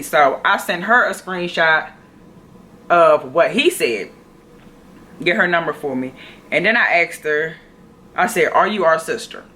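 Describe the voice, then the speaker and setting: A woman, telling a personal story to her phone camera in an animated, chatty way. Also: lowish voice. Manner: chatty, animated, addresses viewers as y'all. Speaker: vlogger.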